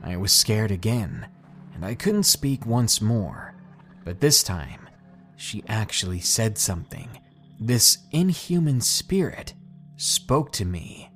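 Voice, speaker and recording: A man hosting a podcast, narrating a scary first-person story in a hushed, suspenseful way. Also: on the low side, expressive, slow pace, faint music behind. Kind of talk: scripted horror story narration.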